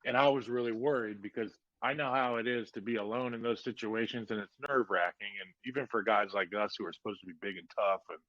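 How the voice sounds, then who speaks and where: A man's voice: lowish voice, fast, hardly any pauses, no room sound. Chatty man telling a birth story. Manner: animated, lots of "like" and "you know". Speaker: podcast guest. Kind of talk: casual storytelling. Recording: dull lo-fi podcast audio.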